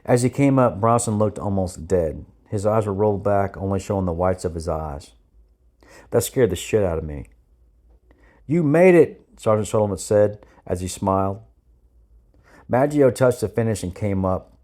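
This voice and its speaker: A man reading his own memoir aloud with steady, plain storytelling. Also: low voice, moderate pace. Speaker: narrator of his own military training memoir. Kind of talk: read memoir narration.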